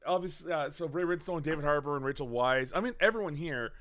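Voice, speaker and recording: A man's voice: fairly high pitch, fast, a bit bright. A man co-hosting a casual movie review chat, rambling with lots of fillers, self-corrections and swearing. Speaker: podcast co-host.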